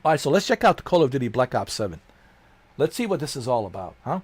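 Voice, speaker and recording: A man's voice: mid-range voice, sing-song, fast, darkish tone, no room sound. A middle-aged man streaming games, ranting bluntly and profanely in a preachy tone. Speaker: gaming streamer. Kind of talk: livestream rant.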